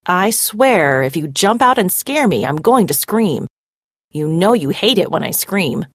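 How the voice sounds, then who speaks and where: A woman voicing a caring mother who is worried about her son, speaking gently and anxiously. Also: fairly low pitch, big pitch swings, measured pace, dry recording, clean studio sound. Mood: concerned.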